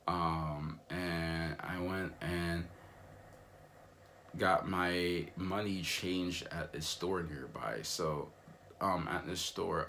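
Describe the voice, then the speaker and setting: A man's voice: a bass voice, creaky, a bit bright, a little hiss or hum. A young man vlogging in a rambling, laid-back way, full of fillers. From United States. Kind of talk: casual vlog monologue.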